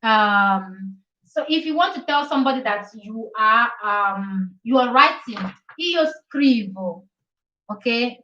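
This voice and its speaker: Slow, halting woman teaching on an echoey stream. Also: fairly high pitch, animated, pushed and bright. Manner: slow and halting, with many fillers while writing; repeats Italian verb forms slowly and encourages viewers. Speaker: Italian language tutor on a live stream. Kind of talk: live-stream language lesson. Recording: echoey, slightly dull live-stream audio.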